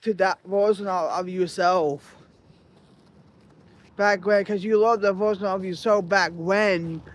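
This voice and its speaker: A man talking in a personal reflective vlog, halting and earnest, searching for his words. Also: sits high, fairly even intonation. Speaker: vlogger.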